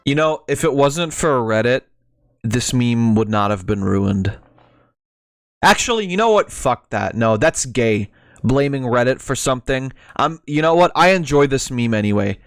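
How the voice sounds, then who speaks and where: A man's voice: medium pitch, lively intonation, moderate pace, no echo. Crude, rambling male streamer, dry sound. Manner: rambling and crude, swears often. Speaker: streamer reacting to videos. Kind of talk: casual reaction commentary. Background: music from the video.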